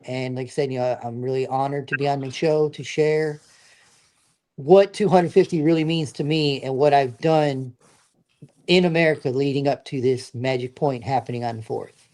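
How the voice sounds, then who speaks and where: A man's voice: medium pitch, moderate pace, a little mellow. A middle-aged man, a veteran guest, telling his stories in a casual, earnest, plain-spoken way. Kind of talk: casual storytelling.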